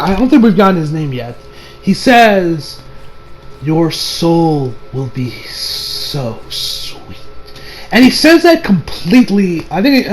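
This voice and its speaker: High-voiced excitable young man reviewing. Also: slight background noise. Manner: excitable, profane, laughs often. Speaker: anime reviewer. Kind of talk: casual review commentary.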